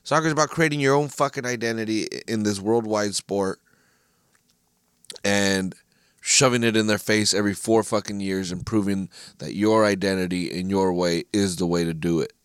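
A man's voice: fairly low pitch, fairly even intonation, moderate pace, clean tone, no room sound, studio quality. Profane American man ranting on a podcast. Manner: profane, frustrated, ranting with frequent restarts. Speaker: podcast host. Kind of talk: solo casual podcast rant.

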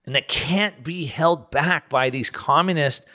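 A man's voice: a little high, unhurried, bright, forceful tone. Emphatic man hosting solo commentary. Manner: emphatic, repeats words while building a point. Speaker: podcast host.

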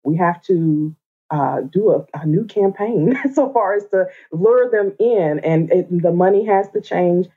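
A woman's voice: lowish voice, lively intonation, a little slow, breathy edge. A woman in casual podcast discussion, emphatic as she builds on points. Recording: tinny phone-like line.

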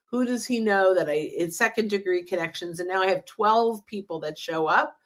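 An enthusiastic woman speaks as a sales trainer in a casual podcast conversation. She talks fast and eagerly, slipping into lively acted-out sample dialogue to make her points. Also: mid-range voice. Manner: enthusiastic, acts out example dialogue. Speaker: LinkedIn sales trainer, guest.

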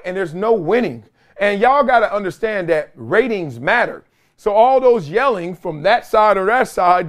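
A middle-aged man hosting a sports talk show, giving casual, animated commentary and acting out other voices in quoted bits. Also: a little high, gravelly. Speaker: show host.

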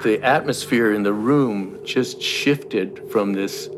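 A man's voice: lowish voice, slow pace, background noise. A man recalling a past evening in an interview, searching for words. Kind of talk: recounting memories.

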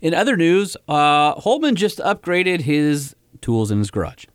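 Smooth-voiced man co-hosting, dry sound. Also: a little high, very animated, measured pace, dry recording. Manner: jokey, playful banter. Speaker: podcast co-host. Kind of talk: casual radio chat.

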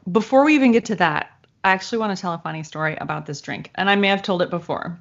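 A woman's voice: fairly low pitch, quick pace, vocal fry. A young woman from Michigan, co-hosting a podcast and chatting casually, telling rambling stories and swearing freely. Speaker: podcast co-host. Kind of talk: casual chat. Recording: dull lo-fi sound.

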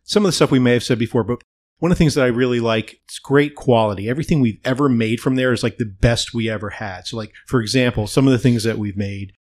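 A man hosting a casual podcast, telling animated anecdotes with quoted dialogue. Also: mid-range voice, fast. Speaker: podcast host. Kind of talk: casual chat.

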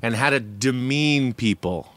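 A man's voice: mid-range voice, a little slow, fairly bright tone, no echo. A man co-hosting a podcast in casual chat, sarcastic and joking. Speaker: podcast co-host.

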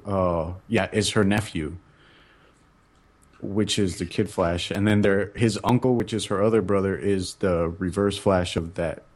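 Male panelist, lower pitch, halting casual delivery. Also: steady tone, darkish tone. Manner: halting, full of restarts and fillers.

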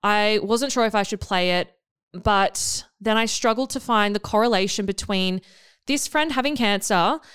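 A woman's voice: mid-range voice, moderate pace, a bit bright, clean tone, no room sound, clean studio sound. A woman hosting a podcast, talking casually with sarcastic, self-mocking asides. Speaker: podcast host.

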